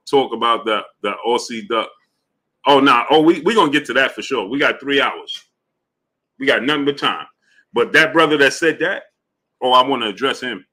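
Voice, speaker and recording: A man hosting a live boxing talk stream. He greets viewers one by one in a loose, casual, slangy way. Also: mid-range voice. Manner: loose, repetitive shout-outs in a friendly drawl, slips into slang.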